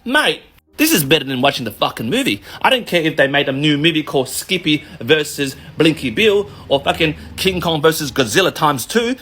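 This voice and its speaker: A man's voice: on the high side, animated, brisk, pushed and bright, breathy edge. A man, a mortgage broker and vlogger, telling a comedic ranting story full of swearing.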